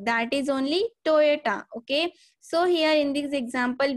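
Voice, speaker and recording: A woman teaching a grammar lesson, explaining step by step and saying "okay" again and again. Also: high-pitched. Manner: repeats "okay" and "see here" often, explains step by step.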